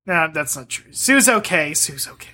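High, bright-voiced jokey man. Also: very animated, moderate pace. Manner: laughs often, jokey asides. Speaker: co-host. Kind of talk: casual comedic riffing.

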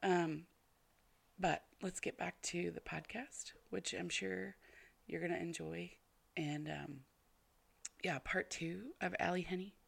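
A woman's voice: fairly low pitch, fairly even intonation, slow, vocal fry, husky, no echo. A woman hosting a podcast, talking to listeners in a chatty, apologetic and heartfelt way. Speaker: podcast host. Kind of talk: casual podcast intro.

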